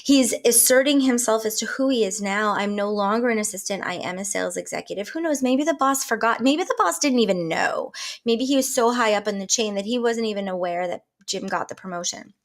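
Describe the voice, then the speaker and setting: A woman coaching her listeners in a lively, conversational way. Her voice sits a little high, and she slips into short acted exchanges to make a point. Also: a little fast. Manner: lively, acts out example dialogues. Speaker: life coach. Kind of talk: coaching talk to camera.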